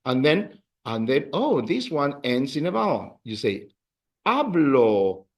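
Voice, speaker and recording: A Spanish teacher with a medium-pitched voice talks a little slowly as he runs a beginner class. Animated, he explains the rules and leads drills, counting students through them and praising them.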